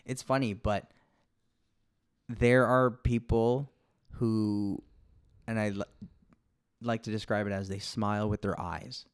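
A man's voice: lowish voice, fairly even intonation, takes it slowly, pauses often, clear, resonant tone. A man, a guest actor on a podcast, chatting casually, laughing often and using lots of fillers. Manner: laid-back, laughs often, many fillers.

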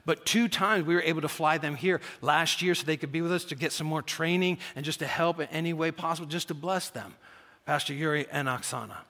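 A man's voice: fairly high pitch, fairly quick, bright, forceful tone. A male pastor preaching with enthusiasm, repeating key points for emphasis in a large church hall. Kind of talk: sermon. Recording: long hall reverb.

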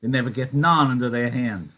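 A man's voice: mid-range voice, a little fast, sharp tone. A man reading as a scornful, bitter stable hand. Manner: blunt, scornful.

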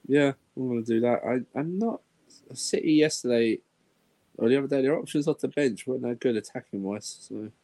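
A man's voice: medium pitch, a little fast. A man with an everyday mid-range voice talks through his football picks in a casual chat. He rambles, doubles back and sighs as he goes. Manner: relaxed, rambling predictions.

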